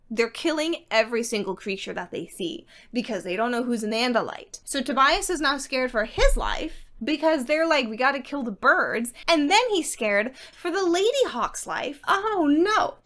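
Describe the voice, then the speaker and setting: A woman reading vlogger giving a casual book recap and review, excitable and emphatic, swearing offhandedly. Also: high-pitched.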